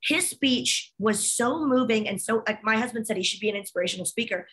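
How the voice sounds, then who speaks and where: A woman's voice: fairly high pitch, fairly quick, fairly bright tone. A woman co-hosting a chat show, talking in a gushing, emotional, effusive way. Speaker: podcast co-host. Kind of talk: casual chat.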